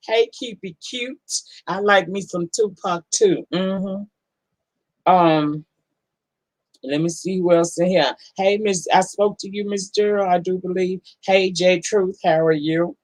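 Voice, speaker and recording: A woman's voice: on the low side, steady tone, slow, darkish tone, no echo, poor audio. Woman host greeting her live chat. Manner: folksy, affectionate, calls people honey and baby. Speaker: livestream host. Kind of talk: casual live-stream chat greeting viewers.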